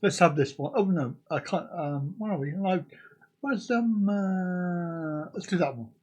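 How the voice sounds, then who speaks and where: A man's voice: high voice, animated, unhurried, a little mellow. A man hosting a casual live stream, rambling and joking as he chats to his viewers. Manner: jokey, rambling, sings and laughs along.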